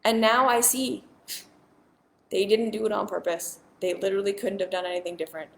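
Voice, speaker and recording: A woman's voice: medium pitch, steady tone, a little fast, gravelly, fairly bright tone, reverberant. A woman and spiritual teacher talking straight to viewers in a casual monologue, earnest and emphatic, often repeating herself.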